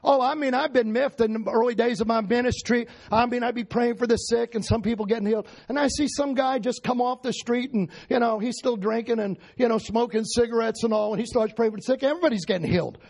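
A man preaches a lively sermon with a husky, fairly high voice. He talks emphatically and keeps asking his listeners questions. He shifts between raised intensity and quieter stretches. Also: fast, few pauses. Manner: emphatic, asks the congregation questions.

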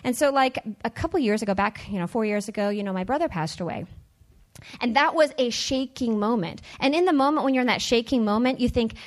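Woman, fairly high voice, church testimony, earnest, conversational, repetitive. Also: brisk. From United States. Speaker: teacher sharing a church testimony. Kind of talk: personal testimony talk.

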